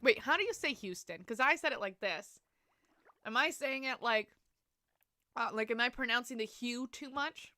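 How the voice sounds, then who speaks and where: A young woman streaming a life-sim game, talking to her chat with a bright, forceful tone. She rambles from one thought to the next and laughs easily. The recording is dry and close, with no room sound. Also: fairly high pitch, normal speed, no room sound. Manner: rambling, chatty, laughs often. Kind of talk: casual live-stream chat.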